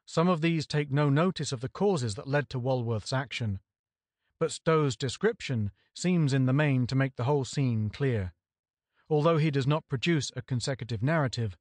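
A man reading a history book aloud in a measured, even audiobook narration. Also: medium pitch, no room sound. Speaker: audiobook reader.

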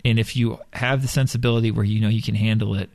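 Man, self-help teacher, gravelly voice; blunt, profane, emphatic delivery; dry close sound. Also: lowish voice, fairly even intonation, fast talker, darkish tone, dry recording. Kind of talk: motivational monologue.

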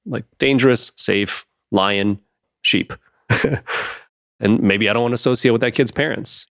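A man hosting a podcast in casual chat, animated, laughing often and swearing freely. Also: medium pitch, measured pace, vocal fry, no echo, studio quality.

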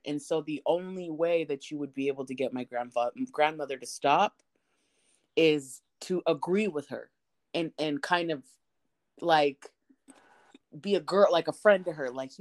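A woman telling family stories in a casual podcast chat, animated and swearing, acting out the people she quotes. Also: low-pitched, unhurried. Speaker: podcast co-host.

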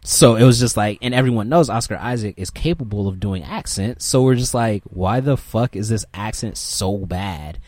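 A laid-back young man co-hosting a podcast. His voice sits on the low side, and he talks in a relaxed, profane way. The sound is close and dry. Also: normal speed, few pauses, no echo. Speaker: podcast co-host. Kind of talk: casual chat.

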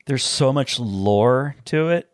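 A man's voice: medium pitch, lively intonation, slow, dry recording, studio quality. A man co-hosting a casual movie chat, talking with enthusiasm. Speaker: podcast co-host.

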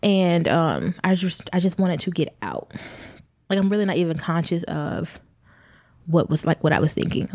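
A young woman who is pregnant recounts her own story to her viewers with a somewhat low voice. She rambles candidly and speaks to them directly. The sound is dry, with no room echo. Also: animated, normal speed, a little mellow. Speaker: vlogger. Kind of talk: personal storytelling to camera.

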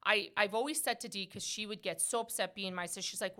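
A woman hosting a podcast, chatting casually and acting out quick quoted asides. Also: mid-range voice. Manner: animated, talks fast with quick quoted asides. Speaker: podcast host. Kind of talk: casual chat.

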